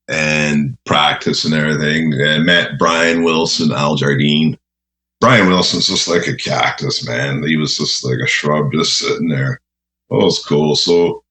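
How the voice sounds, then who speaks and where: Guest: very low-voiced man, unhurried, chuckles through goofy stories. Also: bright, forceful tone. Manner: laughing, rambling anecdotes, says "eh". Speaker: radio host guest. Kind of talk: casual storytelling.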